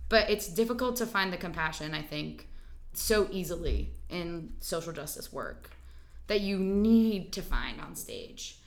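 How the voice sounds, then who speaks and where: Here a stage actress joins a laid-back podcast chat and tells an anecdote with plenty of energy, chatter, and fillers. Her pitch leans low.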